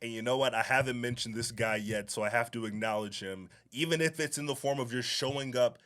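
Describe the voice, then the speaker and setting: A man co-hosting a casual sports talk show, enthusiastic and quick to agree. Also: mid-range voice, fairly bright tone.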